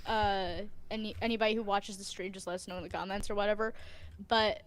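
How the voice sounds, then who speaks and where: A woman's voice: medium pitch, steady tone, fast talker, clean tone. A woman hosting a stream, casually explaining things in a hesitant way with many ums and likes. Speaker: streamer host.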